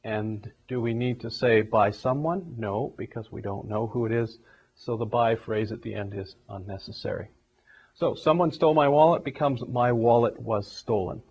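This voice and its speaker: Husky-voiced male English teacher. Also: mid-range voice, moderate pace. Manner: explains step by step, numbers each example. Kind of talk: grammar lesson at a whiteboard. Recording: dull lo-fi recording.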